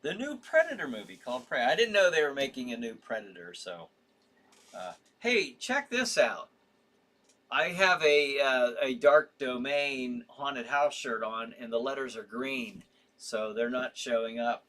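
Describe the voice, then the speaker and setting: A man's voice: mid-range voice, lively intonation, a little slow, a bit bright. A tired man hosting a casual horror livestream, reading viewer comments and rambling with frequent restarts.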